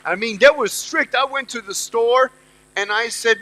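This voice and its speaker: A man in his thirties delivers an inspirational speech, his voice very high for a man and sharply bright. He repeats key lines and urges the audience on. He moves between loud, punchy bursts and quiet storytelling. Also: normal speed. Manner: emphatic, repeats lines and rallies the crowd. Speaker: motivational speaker.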